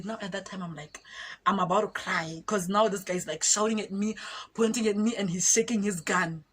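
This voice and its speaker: A young woman from Botswana, a YouTuber, tells a storytime vlog tale in a husky, mid-range voice at a fairly quick clip. She's animated and chatty, laughing as she goes.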